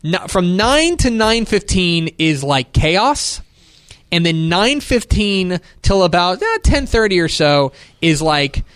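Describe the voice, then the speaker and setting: This man has a slightly higher-pitched voice and talks in a relaxed, chatty way as a co-host. He tells animated stories and slips into the voices of the people he quotes. The sound is close and dry, with no room echo. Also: slow pace, clear, resonant tone. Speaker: podcast co-host. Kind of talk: casual sports chat.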